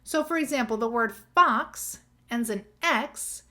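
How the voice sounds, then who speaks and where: A woman's voice: fairly high pitch, unhurried, bright, forceful tone. A woman teaching as an exam tutor in a methodical lesson, spelling out words letter by letter. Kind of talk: scripted lesson.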